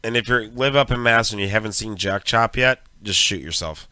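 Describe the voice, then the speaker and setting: A podcast co-host with a low, smooth, resonant voice. His bright tone comes through dry and close. He makes playful mock announcements and tells rambling stories. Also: brisk, no echo. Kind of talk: casual joke-swapping banter.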